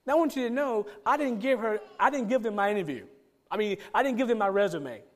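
A man's voice: sits high, expressive, fast. A man telling a personal testimony as a sermon, animatedly acting out his own past conversations. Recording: long hall reverb.

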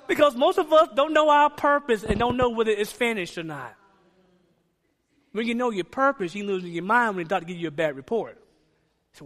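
A man with a strikingly high voice delivers a sermon as pastor. He preaches emphatically and keeps throwing rhetorical questions to his congregation. His voice rings out with a long reverb, as in a large church sanctuary. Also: animated, normal speed, long pauses, fairly bright tone.

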